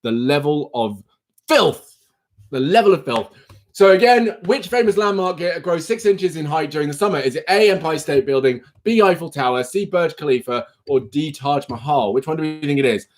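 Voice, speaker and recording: A man's voice: a little high, expressive, normal speed. A young man hosting a casual quiz livestream on his phone, chatty and teasing as he reads out questions and multiple-choice options. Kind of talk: casual live-stream chat.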